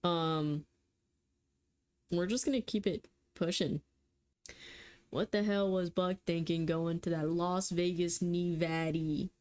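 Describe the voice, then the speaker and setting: A woman's voice: on the low side, fairly even intonation, slow, pauses often, a little mellow, clean tone. A young woman playing a text game, reading the story aloud and reacting with flustered, joking asides. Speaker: gaming YouTuber.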